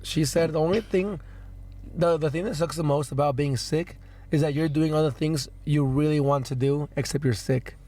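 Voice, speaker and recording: Young male podcast host, hoarse, loose and profane, slightly higher voice. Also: steady tone, moderate pace, warm tone. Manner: rambling, laughing, swearing a lot. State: hoarse from being sick. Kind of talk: casual chat.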